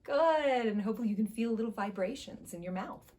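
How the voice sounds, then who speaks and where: A woman's voice: on the high side, lively intonation, a little fast, warm tone. A woman voice teacher giving an instructional singing lesson, guiding step by step with encouragement.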